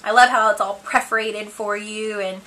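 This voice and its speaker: A woman's voice: mid-range voice, fairly even intonation, moderate pace, pushed and bright, rough recording. A woman giving a casual crafting tutorial at home, chatty and full of ums and likes. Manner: chatty, many ums and likes, giggles at herself. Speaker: crafter demonstrating a paper box project.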